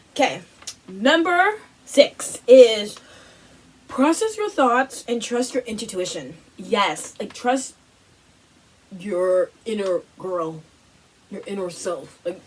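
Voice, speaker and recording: A woman talks through a casual motivational workshop, animated and repetitive, her phrasing full of "like" and "you know". She sits a little back from the mic. Faint ambient noise hums behind her. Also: medium pitch, recorded from a distance, poor audio. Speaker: host of a wellness workshop.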